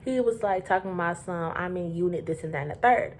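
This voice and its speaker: Profane, animated woman from Florida. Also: on the low side, fast talker, a little hiss or hum. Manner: profane, animated, rambling storytelling. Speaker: vlogger telling a work story. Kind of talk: casual storytime.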